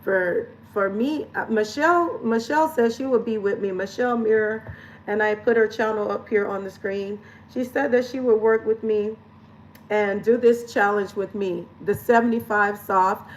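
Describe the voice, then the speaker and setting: A woman's voice: medium pitch, moderate pace, distant mic, slight background noise, low-quality recording. A woman lifestyle coach talking candidly in a confessional vlog, emotional and earnest, laughing between phrases and repeating lines for emphasis.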